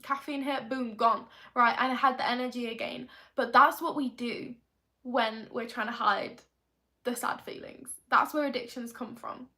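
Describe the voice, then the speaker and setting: A woman's voice: a little high, fairly even intonation, moderate pace, pushed and bright. A young woman talking through a confessional vlog as a manifestation coach, in a chatty, rambling way full of tag questions.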